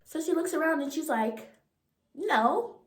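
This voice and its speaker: A young woman in her twenties telling a storytime vlog in an animated, slangy way and acting out the voices. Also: a little high, normal speed. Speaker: vlogger. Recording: roomy echo.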